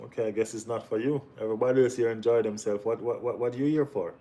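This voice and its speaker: A young man hosts a relaxed football live stream and talks straight to his viewers. His mid-pitched voice stays easy and conversational, with frequent "you know what I mean" check-ins. When something excites him, it jumps sharply higher. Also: fast talker. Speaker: host of a football live chat. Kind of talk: casual live-stream chat.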